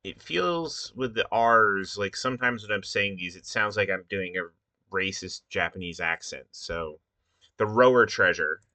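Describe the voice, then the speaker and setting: Bright-voiced man thinking aloud. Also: deep voice, dry recording. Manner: muttering, thinking aloud with many pauses and fillers. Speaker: puzzle maker. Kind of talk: casual think-aloud commentary.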